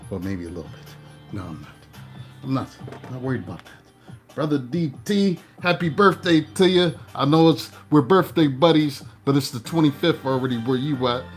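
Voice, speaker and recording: A man's voice: mid-range voice, normal speed, soft background music. A man hosting his own tarot channel, chatting in a laid-back, slangy, talkative way before leading a spoken blessing. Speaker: tarot reader and channel host. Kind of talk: casual chat and spoken blessing.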